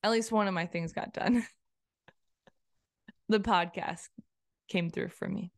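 A personal development coach talks casually on her own solo podcast, rambling and repeating phrases as she quotes her self-talk. Her voice is medium-pitched and slow, with clean, echo-free studio quality.

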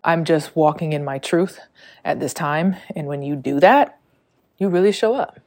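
A woman's voice: low-pitched, fairly even intonation, normal speed, warm tone. A young woman hosting her own podcast, talking candidly and a little out of breath, rambling and swearing freely with frequent laughs. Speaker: podcast host. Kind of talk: casual solo podcast monologue.

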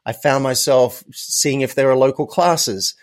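A man's voice: medium pitch, a little slow. A man speaking as a podcast guest, telling personal anecdotes in an emphatic, conversational way and repeating words to stress them. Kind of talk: casual interview storytelling.

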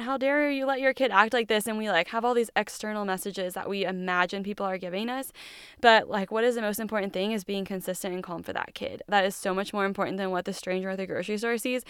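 Woman, 30s, podcast host, casual advice talk, earnest, encouraging, chatty, crisp clear voice, dry close sound. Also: medium pitch, fairly bright tone, no room sound. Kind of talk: casual parenting advice monologue.

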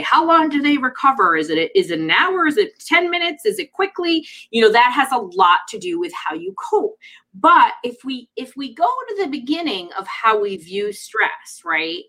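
A middle-aged woman in lively casual conversation, often adding "right?" and "you know". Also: mid-range voice, poor audio. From United States. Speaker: guest speaker on parenting and mental health.

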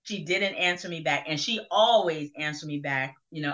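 A woman's voice: deep voice, expressive, normal speed, few pauses, a bit bright. A middle-aged woman from New Jersey, a guest giving a personal faith testimony in conversation, earnest and reflective with many fillers. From Burlington, New Jersey. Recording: dull lo-fi sound.

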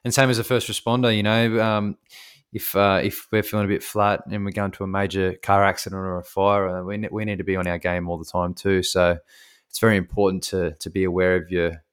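Low-voiced chummy male podcast host. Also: level tone, a little fast, smooth. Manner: chummy, encouraging, says mate. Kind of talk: casual interview chat.

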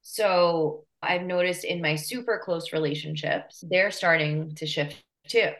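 Low-voiced chatty woman host. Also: a little slow, a bit bright. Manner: reflective, chatty, checks in with the listener. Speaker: podcast host. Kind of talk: casual conversation.

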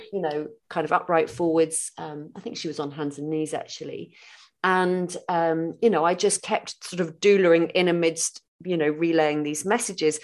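A woman hosting a podcast interview, talking thoughtfully with many restarts. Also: fairly low pitch. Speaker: podcast host. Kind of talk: casual conversational interview.

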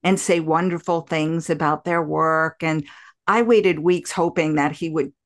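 An older woman in her sixties hosts a podcast conversation and tells her stories with lively expression. Her voice sits fairly low for a woman. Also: unhurried. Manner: animated, expressive storyteller. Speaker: podcast host. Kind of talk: conversational storytelling interview.

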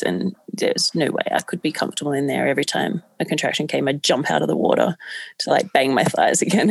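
Candid chatty woman, slightly gravelly. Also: deep voice, no room sound. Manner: candid, chatty, many fillers. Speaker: podcast guest. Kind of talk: casual storytelling.

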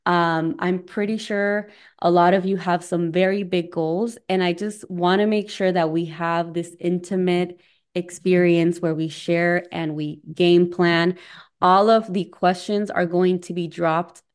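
A woman's voice: on the low side, steady tone, measured pace, clean tone. Chatty young woman hosting a webinar. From United States, Mexican family. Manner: warm, chatty, mixes in Spanish phrases. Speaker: coach and workshop host. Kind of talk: conversational webinar talk.

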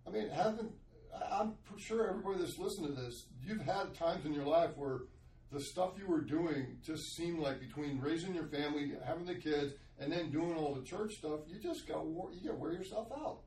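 An earnest man, a guest, tells his story in a confessional way, often restarting his sentences. His voice sits a bit high. The room is echoey, and he sounds set back from the mic. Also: normal speed, a little mellow, recorded from a distance. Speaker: guest sharing his testimony. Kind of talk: candid storytelling.

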